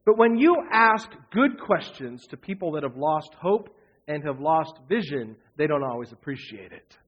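A man's voice: a little high, very animated, normal speed, slightly rough, muffled recording. A man preaching a sermon in an earnest way, repeating phrases for emphasis. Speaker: pastor.

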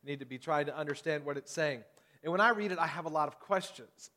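A man's voice: a little high, fast, sharp tone. A man preaching a sermon as pastor at a church service, conversational, posing questions to the congregation.

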